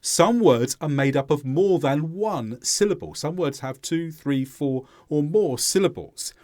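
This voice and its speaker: A man teaching English pronunciation, explaining clearly and modelling sounds aloud. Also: a little high, lively intonation, unhurried, a little mellow, no echo, studio quality. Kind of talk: instructional lesson narration.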